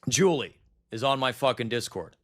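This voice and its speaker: A man in his thirties with a medium-pitched, slightly bright voice records a ranting vlog monologue. Bitter and exasperated, he swears a lot and keeps repeating himself while venting.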